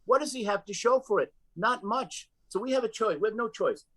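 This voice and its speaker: A male guest commentator in a political TV interview. He speaks emphatically, restarting and repeating words mid-sentence. His voice sits somewhat high for a man. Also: fairly quick, fairly bright tone, poor audio.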